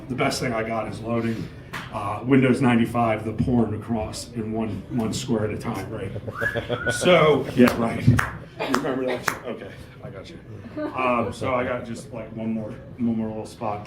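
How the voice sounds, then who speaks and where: A middle-aged man works a live comedy stage, rambling through crude stories full of swearing. His voice sits at an ordinary middle pitch. The room around him is echoey, with faint ambience underneath. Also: normal speed, noisy background. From New York. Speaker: stand-up comic. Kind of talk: stand-up comedy set.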